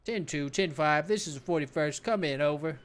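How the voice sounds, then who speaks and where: A man's voice: on the high side, a little fast, slight background noise, close to an everyday voice. Man voicing rattly old police dispatcher. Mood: formal. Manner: clipped radio codes, ends with "over". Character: old male police radio dispatcher, dry and formal. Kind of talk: voicing game dialogue.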